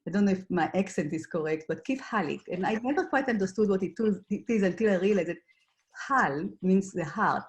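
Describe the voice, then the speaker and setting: A woman who grew up in Israel, gently guiding a reflection exercise in an online workshop, with frequent pauses and fillers. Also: mid-range voice, animated, highs cut off. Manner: gentle, hesitant, many fillers. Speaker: workshop facilitator.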